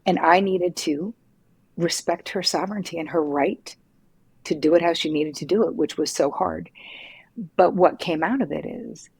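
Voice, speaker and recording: A middle-aged woman, a psychotherapist guest, telling her story frankly and lively, swearing casually. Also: lowish voice, normal speed, creaky, breathy edge, no room sound. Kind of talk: candid conversational storytelling.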